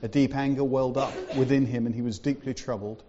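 A man preaching in a church with a mellow, dark voice, easygoing and conversational, full of little asides. The sound is a bit dull and lo-fi. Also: mid-range voice, fairly even intonation, fast, slight background noise. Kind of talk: sermon.

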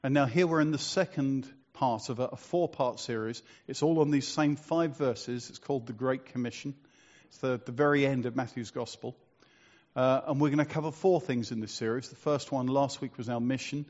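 Guy giving a sermon, mid pitch, talks like he's telling you a story, muffled lo-fi sound. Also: steady tone, normal speed, darkish tone. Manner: conversational, storytelling, asks rhetorical questions. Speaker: preacher.

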